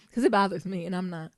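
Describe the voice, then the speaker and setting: A young adult woman co-hosting a podcast in casual chat, animated and slangy, often laughing. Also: medium pitch, no room sound, studio quality. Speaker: podcast co-host.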